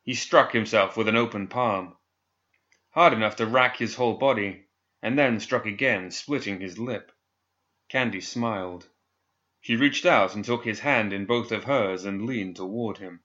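Low, bright male voice, measured narration, dull lo-fi recording. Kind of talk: scripted audiobook narration.

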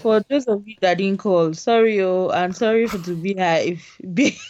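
A woman co-hosting a casual chat show, talking fast in a playful, apologetic way. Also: mid-range voice, very animated, highs cut off, a little hiss or hum. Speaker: co-host.

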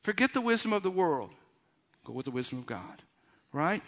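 A man preaching a lively sermon, with announcer-style bursts and quiet asides. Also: a little high, normal speed. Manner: drops to quiet, intimate tones. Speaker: pastor.

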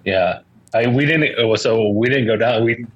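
A man's voice: mid-range voice, normal speed, husky, no room sound, lo-fi sound. A man co-hosting a podcast in easygoing casual chat. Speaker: podcast co-host.

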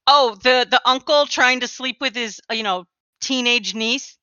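A woman co-hosting a casual podcast, emphatic, then trailing off into restarts. Her voice is bright and a little high. The recording is dry and slightly dull. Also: normal speed, smooth, no room sound. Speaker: podcast co-host. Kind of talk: casual chat.

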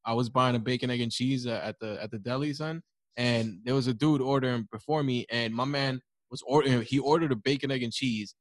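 A young man, co-hosting a casual podcast chat, swearing freely and telling animated stories. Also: mid-range voice, a little fast, no echo. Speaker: podcast co-host.

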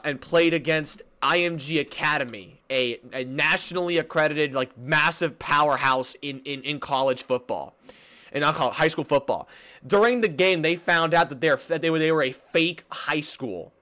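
A young man co-hosting a casual sports podcast, excitable and giggly, tripping over and repeating his words. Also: a little high, moderate pace. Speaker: podcast co-host.

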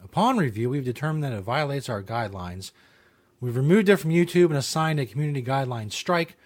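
A man hosting his own talk show, rambling casually with lots of fillers, restarts and swearing. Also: medium pitch. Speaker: show host. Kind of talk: casual podcast monologue.

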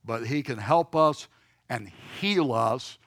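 A man teaching a Bible class in a church room, speaking in an easy conversational way and often checking in with his listeners. His voice sits at an ordinary middle pitch. The sound is dry, with no room echo. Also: animated, slow, fairly bright tone.

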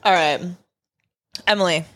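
A woman's voice: fairly low pitch, measured pace, fairly bright tone, dry recording, clean studio sound. A woman in her twenties co-hosting a casual chat show, blunt and crude, laughing often. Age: 20s. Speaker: podcast co-host.

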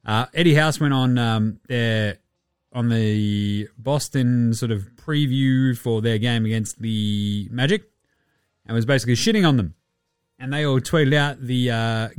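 A man's voice: mid-range voice, clear, resonant tone, no room sound, clean studio sound. A man with an Australian accent hosting a casual, rambling chat with lots of swearing and chuckling asides. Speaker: podcast host.

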